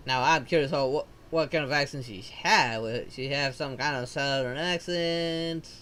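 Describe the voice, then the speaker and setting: A woman's voice: rumbling low, normal speed, a bit bright, slight background noise. Chirpy foxian streamer girl. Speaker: game character livestreamer. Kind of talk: video game voice acting.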